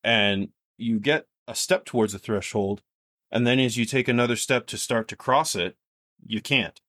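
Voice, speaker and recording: A man's voice: mid-range voice, normal speed, fairly bright tone, no room sound, studio quality. A man running a tabletop game as game master, narrating casually with frequent restarts. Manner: casual, rambling with restarts and fillers.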